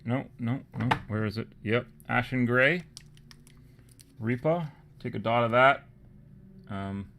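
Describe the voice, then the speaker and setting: A man's voice: on the low side, vocal fry, a little hiss or hum. A man casually talking through a live miniature painting tutorial, thinking aloud and sometimes dropping to a murmur.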